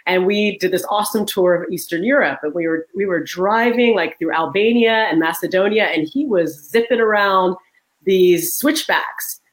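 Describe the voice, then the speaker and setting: A woman in her forties, a guest author in a conversational interview, telling animated stories and acting out what people said. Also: mid-range voice, normal speed, rough recording. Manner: animated storytelling, acts out quoted voices. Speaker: guest author and leadership trainer.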